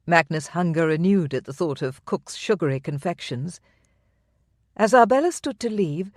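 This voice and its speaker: An audiobook narrator reading a historical romance in measured, even storytelling. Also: medium pitch, no echo, studio quality. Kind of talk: scripted narration.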